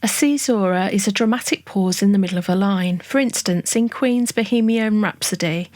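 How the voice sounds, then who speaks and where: A woman giving a scripted songwriting lesson, explaining each term in a clear, measured, list-like way. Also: medium pitch, a little mellow, dry recording, studio quality. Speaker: songwriting tutorial narrator. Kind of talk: scripted educational narration.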